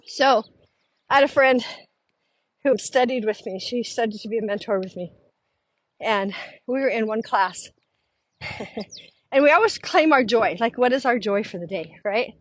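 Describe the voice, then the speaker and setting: A middle-aged woman hosting a show, telling a story in a lively, casual way and often acting out the voices of the people she quotes. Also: fairly high pitch, normal speed, long pauses, dry recording. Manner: animated, acts out quoted voices, laughs often. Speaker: podcast host.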